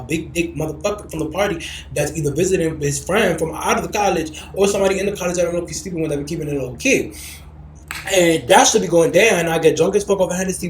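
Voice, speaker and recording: A man's voice: fairly high pitch, echoey room, slight background noise, low-quality recording. A young man hosting a podcast in casual chat, brash and profane, breaking into mocking shrieks. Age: young adult. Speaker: podcast host. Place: lives in Los Angeles.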